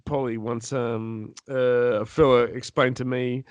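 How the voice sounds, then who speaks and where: A man co-hosting a podcast, relaxed and chatty, swearing casually and laughing along. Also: medium pitch, a little slow, no room sound, lo-fi sound. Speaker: podcast co-host. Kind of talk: casual banter.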